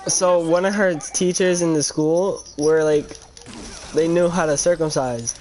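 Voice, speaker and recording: A teenage boy chats with friends on voice chat while gaming, his voice sitting a little high for a guy. He talks loudly and bluntly, laughing his way through stories. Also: steady tone, a little slow, a little hiss or hum. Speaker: gaming channel host.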